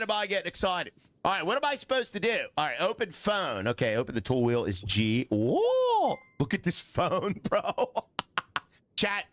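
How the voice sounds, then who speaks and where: A middle-aged man doing live gameplay commentary, excitable and jokey as he banters with his viewers. His pitch sits high and leaps around all the time, and his tone is bright and sharp. Soft music plays behind him. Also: clean tone, dry recording. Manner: excitable and joking, chatting with viewers. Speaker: streamer.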